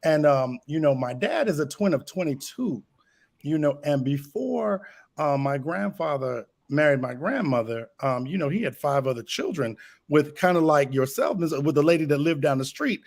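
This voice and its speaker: A man's voice: a little high, expressive, normal speed, vocal fry. A man comedian telling a story-style joke in a rambling way, saying "you know" often. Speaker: comedian guest.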